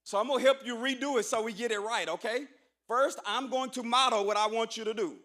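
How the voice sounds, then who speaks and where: Brief: high-pitched man, university speaker, punchy motivational crowd-rousing delivery. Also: fairly even intonation, a little fast, sharp tone. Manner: preacher-like, emphatic, calls for audience response. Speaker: university administrator speaking at orientation. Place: large auditorium.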